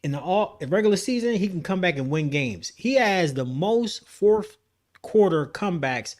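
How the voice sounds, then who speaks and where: A man's voice: high voice, lively intonation, moderate pace. A man co-hosting a sports podcast in casual chat, blunt and emphatic with heavy swearing.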